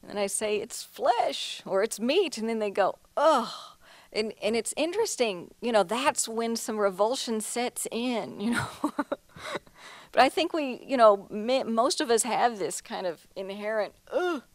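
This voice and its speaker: A woman's voice: a little high, normal speed, no room sound. A woman artist giving a casual talk about her paintings, chatty and laughing often, with plenty of restarts and "you know"s. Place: museum lecture hall.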